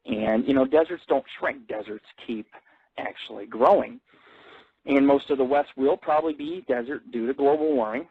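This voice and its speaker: A man's voice: mid-range voice, normal speed, vocal fry, breathy edge, narrow, tinny audio. A man hosting an internet radio show, rambling bluntly and swearing constantly in a casual monologue. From grew up in an Italian-American family.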